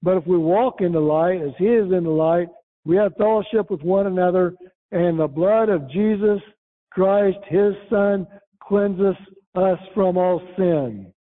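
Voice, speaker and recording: High-voiced preacher on a tinny line. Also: male voice. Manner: rises in pitch when quoting scripture, slow and emphatic. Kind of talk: sermon reading and explaining scripture. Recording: tinny phone-like sound.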